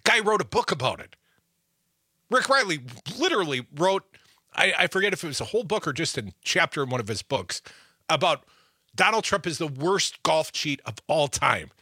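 A man hosting a political talk radio show, trading sarcastic jabs with a lively, quick delivery. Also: a little high, no room sound, studio quality.

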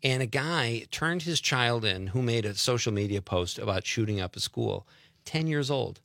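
A man's voice: mid-range voice, expressive, normal speed, vocal fry, a bit bright, no room sound, clean studio sound. A man hosting a radio show, chatting casually and joking with his guest. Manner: joking, conversational.

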